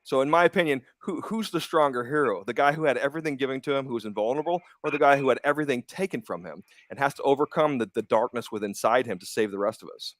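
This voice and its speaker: A man's voice: medium pitch, fast, few pauses, dry recording. A man, a comics writer and publisher, talking candidly in a casual interview with frequent restarts and some swearing. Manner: candid, profane, stumbling restarts.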